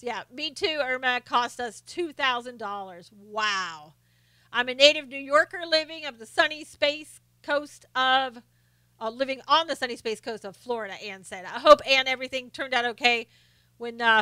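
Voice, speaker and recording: A woman's voice: high voice, normal speed, bright, forceful tone, clean tone, dry recording. A woman hosting a casual live stream, chatting and laughing as she reads viewer comments aloud. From Southern United States.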